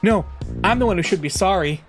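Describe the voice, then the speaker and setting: A man voicing a young woman, a devoted daughter, in a high, urgent voice. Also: lively intonation, fairly quick. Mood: soothing. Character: young woman, sweet but fiery daughter. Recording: voice over game music.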